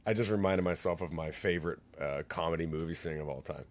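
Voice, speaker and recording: Man, lowish voice, casual podcast chat, rambling, chuckles through stories. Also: fast. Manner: rambling, laughs while retelling scenes. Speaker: podcast co-host. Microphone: podcast mic.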